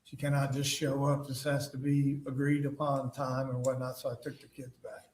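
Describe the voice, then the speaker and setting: A man testifying as a witness in court, halting and full of fillers and restarts. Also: medium pitch, monotone, darkish tone, slight background noise. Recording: echoey courtroom audio from far off.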